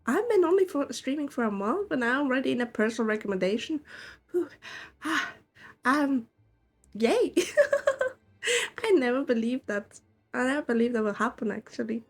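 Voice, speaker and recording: A woman's voice: high-pitched, very animated, moderate pace, breathy edge. A woman from Switzerland with a Swiss German accent, chatting casually and giggling often while streaming a game. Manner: giggly, frequent laughs. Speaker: vtuber streamer.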